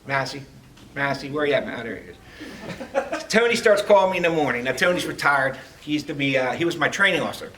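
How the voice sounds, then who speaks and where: A middle-aged man giving a heartfelt farewell speech as a retiring police lieutenant, telling stories with halting restarts. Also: mid-range voice, bright, forceful tone. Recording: distant mic, faint background noise.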